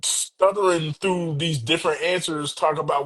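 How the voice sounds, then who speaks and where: A man talking casually on a podcast, animated and talking in long runs with quick asides. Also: fairly high pitch, husky, low-quality recording. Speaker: podcast guest.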